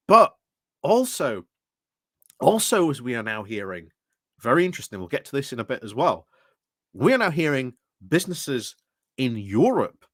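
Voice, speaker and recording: A man's voice: medium pitch, dry recording, clean studio sound. Rambling man commentating. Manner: rambling, many fillers and restarts. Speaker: political commentary channel host. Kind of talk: casual explanatory commentary.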